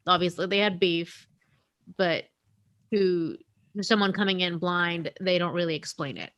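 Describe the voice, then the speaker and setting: A woman's voice: on the low side, steady tone, measured pace, a bit bright. A woman in a casual podcast chat, speaking confidently with a wry, self-assured tone.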